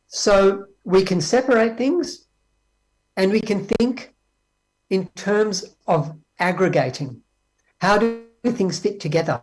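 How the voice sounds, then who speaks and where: An Australian man giving a conference keynote on education, talking lively and acting out exchanges with teachers. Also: sits high, slow pace. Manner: lively, acts out dialogues with teachers. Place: speaking remotely from Australia.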